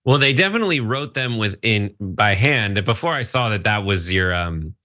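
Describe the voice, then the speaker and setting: Co-host dude on a news show, bright edgy voice, jokey and mocking. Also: male voice, lowish voice, lively intonation, moderate pace. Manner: joking, mocking impressions. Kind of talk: political commentary chat.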